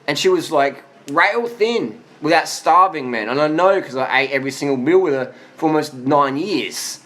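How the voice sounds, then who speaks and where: A man's voice: mid-range voice, a little fast. Blunt, swearing man in his forties. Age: 40s. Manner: blunt, profane and emphatic. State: tired after a long ride. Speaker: vlogger answering viewer questions. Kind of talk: casual Q&A monologue.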